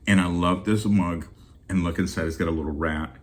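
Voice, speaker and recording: A man's voice: low voice, steady tone, fairly quick. A man hosting a bargain-haul channel, talking to viewers in a heartfelt, rambling way, teary-eyed and emotional. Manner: heartfelt and rambling, with many restarts. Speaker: deal-hunting channel host. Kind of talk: casual vlog chat.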